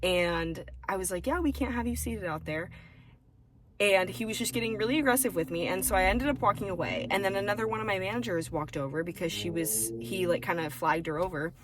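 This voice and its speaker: Profane, animated young woman storyteller. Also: fairly low pitch, fairly quick, background noise. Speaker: podcast co-host. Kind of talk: casual chat.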